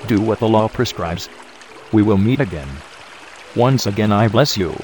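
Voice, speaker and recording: An actor playing a gentle but authoritative holy teacher who speaks in a measured, solemn way in an audio drama. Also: male voice, on the low side, slight background noise, natural voice. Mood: calm.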